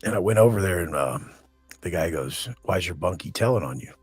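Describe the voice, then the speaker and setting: Man, podcast guest, husky voice, dry sound, blunt and profane, aggressive storytelling. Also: deep voice, lively intonation, a little fast, dry recording, faint music behind. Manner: blunt, aggressive, swears constantly; acts out quoted confrontations.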